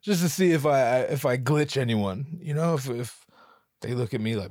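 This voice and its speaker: A man riffing in a rambling comedic monologue at home, profane and often interrupting himself as he works through his thoughts out loud. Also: medium pitch, moderate pace, dry recording, clean studio sound. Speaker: solo commentator.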